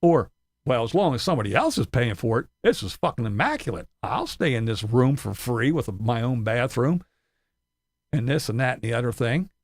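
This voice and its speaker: A man's voice: medium pitch, sing-song, moderate pace, no room sound. A man ranting in profane, sarcastic commentary, laughing between his jabs. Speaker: commentary channel host.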